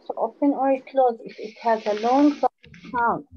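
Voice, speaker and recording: A woman's voice: a little high, dark tone, slight background noise. Patient woman teacher on a call. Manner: patient, lavish praise, repeats words slowly. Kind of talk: online phonics lesson. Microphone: video call. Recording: dull lo-fi online call audio.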